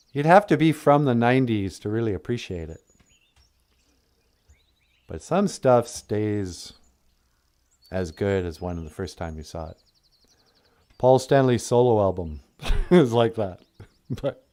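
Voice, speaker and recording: Guy rambling outside in the woods on his puppet podcast, lively up-and-down voice, unhurried. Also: mid-range voice. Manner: rambling, chuckling, animated. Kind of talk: casual rambling chat. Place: outdoors in the woods.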